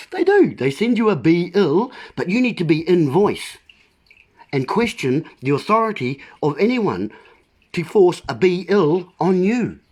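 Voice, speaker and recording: A man's voice: high-pitched, sing-song, unhurried, a little mellow. A man talking to his viewers in an impassioned monologue, emphatic and frustrated, playing with words. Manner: impassioned, emphatic wordplay ranting. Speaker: vlogger.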